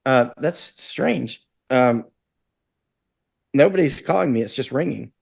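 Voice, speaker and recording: A man's voice: medium pitch, expressive, slow, vocal fry, darkish tone, breathy edge. A middle-aged man from Florida, a guest in an interview, talking in an intense, rambling way and acting out quotes. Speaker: guest, war correspondent. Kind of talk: conversational interview.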